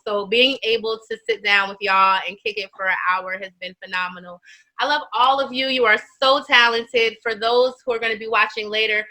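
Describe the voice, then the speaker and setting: A woman's voice: medium pitch, bright, forceful tone, poor audio. A woman hosting a virtual comedy show over a video call, talking casually and thanking the performers. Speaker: host.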